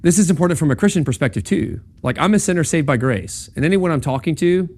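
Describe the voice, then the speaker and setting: Fast and animated, this young man's voice sits on the high side with a slightly mellow quality. As a campus ministry speaker, he delivers a laid-back logic lecture in a classroom, peppering it with ums and okays and frequently checking on his audience.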